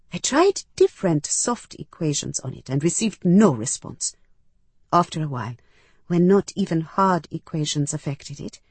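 A woman reading a first-person story aloud as an audiobook narrator, in an unhurried, earnest way. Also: on the low side, darkish tone, slightly rough, no echo.

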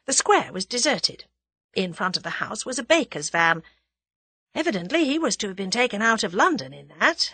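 Expressive, slightly husky female narrator. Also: medium pitch, no room sound. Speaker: audiobook narrator. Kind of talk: scripted narration.

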